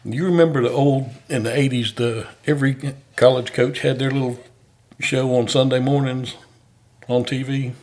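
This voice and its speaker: A man's voice: mid-range voice, steady tone, moderate pace, a little mellow. A man who does stand-up comedy, hosting a casual chat in a joking, easygoing way.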